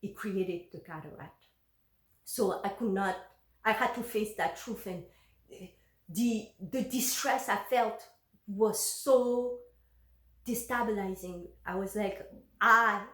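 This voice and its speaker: A woman's voice: medium pitch, slow, pauses often, reverberant. A woman telling a personal story candidly, often breaking off mid-sentence. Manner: candid and confessional. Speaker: vlogger.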